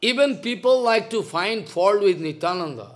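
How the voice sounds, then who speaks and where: With a high-pitched, expressive voice at normal speed and a fairly bright tone, an older man lectures devotionally as a spiritual teacher. He scolds passionately and repeats rhetorical questions.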